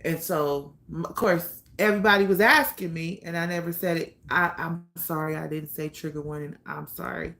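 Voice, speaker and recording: A woman telling a painful personal story to camera, halting and soft-spoken, trailing off with pauses and sighs. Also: deep voice, steady tone.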